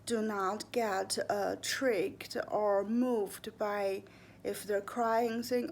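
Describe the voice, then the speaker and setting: Slow, gravelly young woman giving advice. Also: medium pitch. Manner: calm, earnest, deliberate, with fillers and slips. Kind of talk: casual advice monologue.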